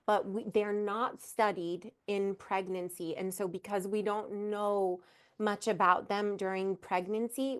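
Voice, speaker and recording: A woman's voice: medium pitch, clean tone. Effusive woman hosting a webinar. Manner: warm, effusive, addresses listeners as mama. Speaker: fertility coach hosting a webinar. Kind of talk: live webinar talk.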